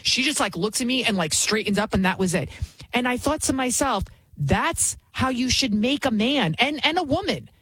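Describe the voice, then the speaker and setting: A woman's voice: on the high side, lively intonation, normal speed, a bit bright, breathy edge, dry recording, poor audio. A woman hosting a talk radio show as a fill-in, giving a blunt, indignant opinion monologue and repeating lines for emphasis.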